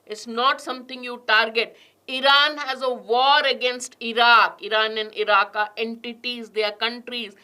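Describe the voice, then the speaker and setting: A woman's voice: fairly high pitch, steady tone, moderate pace, pushed and bright, clean tone. A woman teaching an exam prep class online, reading passages aloud with heavy stress on key words and questioning her students.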